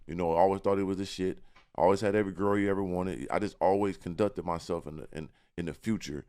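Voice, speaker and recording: Deep-voiced man talking fast and sure. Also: fairly even intonation, a little mellow, clear, resonant tone. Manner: confident, repeats words while searching. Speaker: guest. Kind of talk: casual podcast interview.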